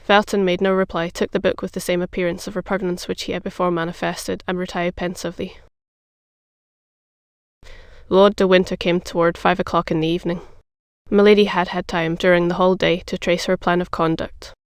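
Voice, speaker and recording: Audiobook narrator, measured, flat delivery, dry close recording. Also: mid-range voice, smooth, no echo.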